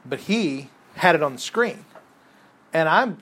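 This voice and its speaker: Man, Bible class teacher; relaxed, chatty lecturing, voice sits a bit high, keeps asking the room questions. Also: normal speed, husky. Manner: conversational, quizzes the class with questions.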